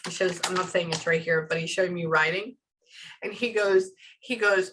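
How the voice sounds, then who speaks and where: A woman psychic medium on a video call with a client, telling excitedly what she hears in quick quoted bursts. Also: on the low side, a little hiss or hum, poor audio. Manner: animated, breathless storytelling with many quotes. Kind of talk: reading for a client.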